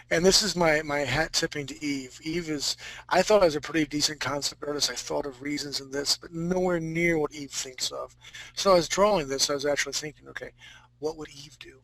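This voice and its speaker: Man, art instructor, casual live class, bright tone, dry close recording. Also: a little high, moderate pace, creaky, no echo, poor audio. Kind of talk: live drawing lesson.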